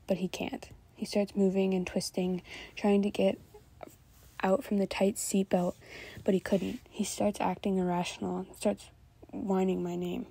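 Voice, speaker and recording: A woman reading fan fiction aloud into a new microphone, steady with small slips. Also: medium pitch, slightly rough. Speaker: fanfiction reader.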